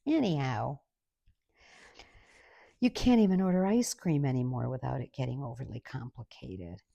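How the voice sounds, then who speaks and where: An older woman tells an exasperated, sarcastic comic story. Her voice is low, husky and gravelly, with a mellow tone. The sound is close and dry. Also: animated, normal speed, no room sound, highs cut off. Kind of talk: comic rant monologue.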